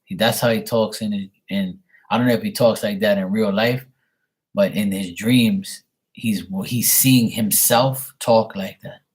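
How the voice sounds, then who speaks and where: A man's voice: on the low side, steady tone, measured pace. A young man doing a live tarot reading on camera, relaying messages in a rambling way full of fillers. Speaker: tarot reader. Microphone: webcam at desk.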